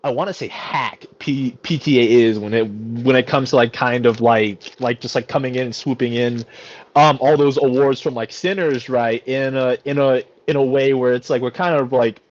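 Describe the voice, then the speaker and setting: A man's voice: medium pitch, steady tone, moderate pace, muffled recording. A man co-hosting a podcast, rambling hesitantly with many restarts. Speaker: podcast co-host. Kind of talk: casual chat.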